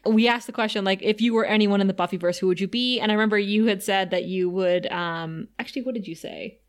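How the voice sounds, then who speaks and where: A woman co-hosting a podcast in a casual recap chat, retelling scenes with lots of laughter and animated energy. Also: mid-range voice, fast talker. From outside the United States. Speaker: podcast co-host.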